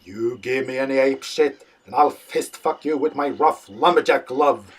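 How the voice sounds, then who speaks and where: A man voicing a rough, violent middle-aged laborer who speaks in a gruff, threatening way. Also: mid-range voice, normal speed, distant mic, close to an everyday voice. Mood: menacing.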